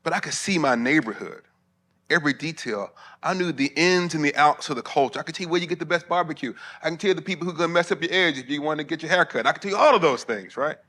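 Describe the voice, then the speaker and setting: A man's voice: fairly high pitch, fast talker, sharp tone. A middle-aged man preaching at a conference, conversational and humorous, with asides to the audience. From Alabama, US. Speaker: preacher and theologian. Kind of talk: conference sermon. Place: conference hall before pastors.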